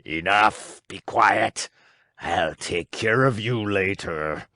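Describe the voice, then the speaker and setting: A man voicing a huge, fearsome male puppet-theater director who sounds like an ogre with a cold, giving slow, gruff commands. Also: lowish voice, bright, forceful tone, no room sound, studio quality. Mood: angry.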